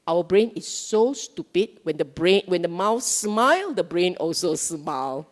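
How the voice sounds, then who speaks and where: A woman's voice: fairly low pitch, lively intonation, unhurried, few pauses, long reverb tail. A middle-aged woman with a Singaporean English accent gives a casual, joking Dhamma talk, repeating phrases for emphasis. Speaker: Buddhist Dhamma speaker.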